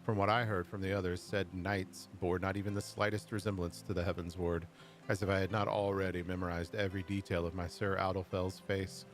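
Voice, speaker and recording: A man's voice: sits low, level tone, a little fast, soft background music, close to an everyday voice. A man voicing a heartbroken, lovesick young noblewoman in a video game, who speaks in a melodramatic, lamenting way. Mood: wistful.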